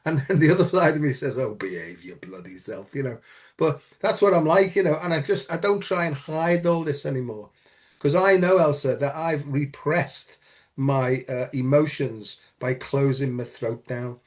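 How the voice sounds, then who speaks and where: A man's voice: a little high, moderate pace. A man hosting a casual chat show, talking earnestly and rambling with lots of "you know". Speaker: host.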